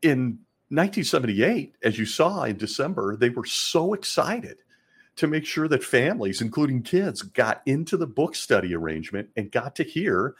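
A man's voice: mid-range voice, very animated, normal speed, slightly rough. A middle-aged man hosting a podcast, giving sarcastic commentary and laughing often. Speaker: podcast host.

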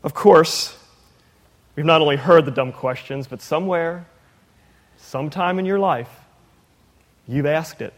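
A man's voice: fairly high pitch, a little slow, long pauses, long reverb tail. A man in his thirties preaching a sermon in a conversational, playful way, sometimes mimicking others. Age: 30s. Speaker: preacher and teacher.

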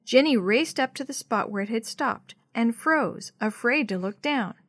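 A woman storyteller reading a chapter book aloud to young children, her voice a touch high. She reads with lively, expressive delivery. The sound is dry and close, with no room echo. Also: measured pace.

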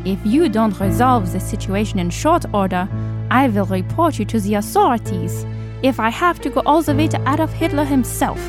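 A woman's voice: mid-range voice, moderate pace, over music, natural voice. Woman doing a fearless, commanding church sister. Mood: stern. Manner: calm, firm, authoritative. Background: cinematic score.

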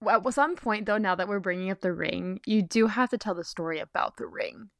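A young woman co-hosting a podcast, chiming in supportively with quick reactions. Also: mid-range voice, creaky, no room sound, studio quality. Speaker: podcast co-host. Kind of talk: casual chat.

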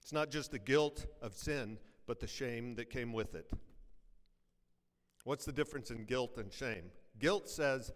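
A pastor preaching a sermon to his congregation, firing off rhetorical questions and quick jokes, then dropping to a hush for weighty lines. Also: medium pitch. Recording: long reverb, from a large church hall.

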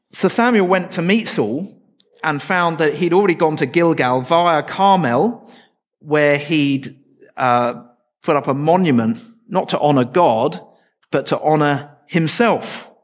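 A man preaching a sermon in a church, explaining scripture in a conversational way with light asides to the congregation. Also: a little high.

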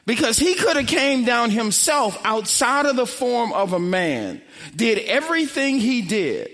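A man pastor preaching a sermon, emphatic and swinging from loud to hushed. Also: very high-pitched, sing-song, a little slow. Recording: long hall reverb.

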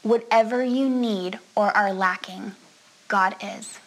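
A woman giving a conversational sermon, chatty and expressive, often laughing and checking in with her listeners. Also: medium pitch, slow pace, poor audio. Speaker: preacher.

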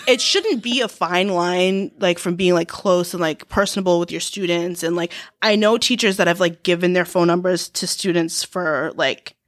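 Young woman, podcast co-host, casual chat, blunt, animated, swears freely. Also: lowish voice, moderate pace, few pauses. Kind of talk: casual chat, reading listener confessions.

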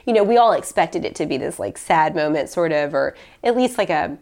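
A woman's voice: deep voice, expressive, brisk, gravelly, darkish tone. A young adult woman talking casually and emotionally in a podcast conversation, full of "like" and restarts. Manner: heartfelt, many likes and restarts.

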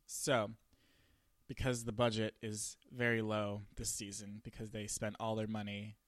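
A man's voice: lowish voice, flat delivery, measured pace, fairly bright tone, no room sound, clean studio sound. A man co-hosting a podcast, recapping a reality show in casual chat with a crude, camp way of talking. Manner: crude, camp, recaps with bits of quoted voices. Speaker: podcast co-host.

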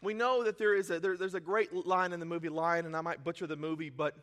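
A male pastor preaching a sermon, emotional and self-deprecating, swinging from quiet confiding to near-shouting. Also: on the high side, steady tone, fast talker, a little hiss or hum. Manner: self-deprecating, laughs at himself.

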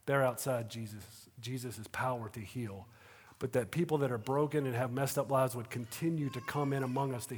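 A man preaching a sermon in a conversational way, moving between hushed moments and animated bursts. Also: medium pitch. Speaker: pastor. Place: auditorium. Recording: reverberant auditorium.

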